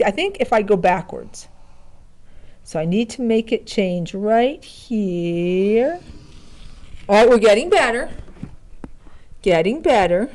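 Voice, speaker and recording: A woman's voice: medium pitch, darkish tone. A woman teaching a math lesson, chatty and self-correcting as she thinks aloud while working. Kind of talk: recorded screen lesson.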